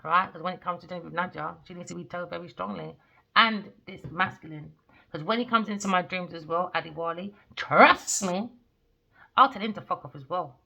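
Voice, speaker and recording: A woman's voice: on the low side, fairly quick, creaky, bright, forceful tone, lo-fi sound. A woman giving a casual tarot reading, talking bluntly and animatedly and swearing freely. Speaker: tarot reader.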